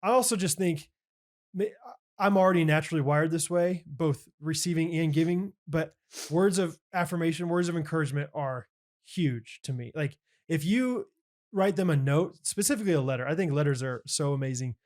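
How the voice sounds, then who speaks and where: A man's voice: on the high side, moderate pace, darkish tone. A man co-hosting a podcast in casual chat, rambling with lots of fillers and restarts, joking and laughing easily. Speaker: podcast co-host.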